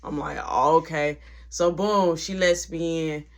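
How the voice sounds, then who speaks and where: A young woman telling a casual storytime, animated and slangy, acting out the dialogue. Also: on the low side, measured pace.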